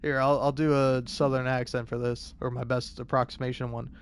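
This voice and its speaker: A man's voice: mid-range voice, level tone, fairly quick, a little hiss or hum. A man casually commenting while playing a game, often laughing and repeating words as he stammers. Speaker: gamer reading in-game letters. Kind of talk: casual let's-play commentary.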